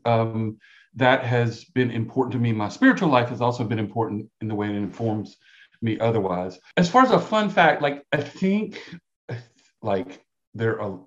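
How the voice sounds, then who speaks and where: A middle-aged man from South Carolina with a Lowcountry brogue, telling stories as a podcast guest in a chatty, rambling way that keeps correcting itself. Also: dull audio. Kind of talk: casual storytelling.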